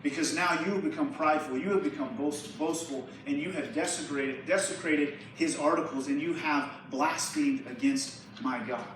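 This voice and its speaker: A man playing a calm, stern old prophet who speaks in a grave, quiet way. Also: on the high side, normal speed, few pauses, slight background noise, natural voice. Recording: echoey hall from far off.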